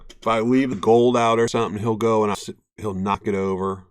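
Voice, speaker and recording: A man's voice: on the low side, fairly even intonation, fairly quick, smooth. A young man hosting a live stream, chatting casually with viewers and laughing often as he pans gold. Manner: laid-back, chatty, laughs often, talks to viewers and his cat. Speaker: gold prospecting livestream host. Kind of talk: casual live-stream chat while panning.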